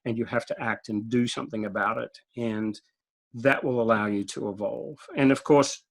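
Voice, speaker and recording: A man with an Australian accent speaks directly in a casual interview, his voice gravelly and mid-pitched. He tells stories with frequent chuckles. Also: steady tone, normal speed, poor audio. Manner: direct, storytelling, chuckles often. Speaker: guest speaker.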